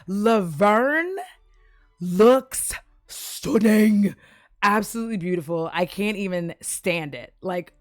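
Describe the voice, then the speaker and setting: A woman casually recapping a movie, profane, giggly and animated as she tells the story. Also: medium pitch, unhurried, hardly any pauses, no room sound, studio quality, faint music behind.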